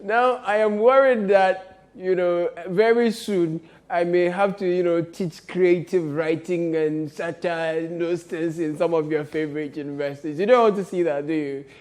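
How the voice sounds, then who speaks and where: A man's voice: high voice, steady tone, normal speed. A man hosting a satirical comedy show, joking and laughing often as he talks. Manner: playful, laughs often, mock shouting. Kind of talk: comic satirical commentary.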